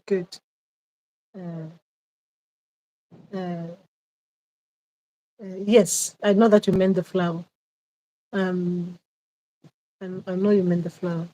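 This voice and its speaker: A woman's voice: mid-range voice, mellow, low-quality recording. A woman in a mid-range voice speaks outdoors in a loose, unscripted livestream chat. She is a spiritual advisor who reflects aloud and often hesitates. She repeats phrases as she works out her thoughts.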